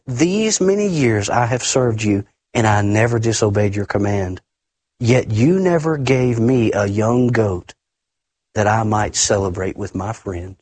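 A man preaching a sermon emphatically, often repeating words and swinging his pitch up and down. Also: normal speed, darkish tone, no echo.

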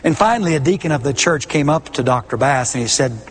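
A man's voice: medium pitch, animated, quick pace, a little hiss or hum. A middle-aged man preaching a sermon, stressing his points by repeating key words. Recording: long hall reverb.

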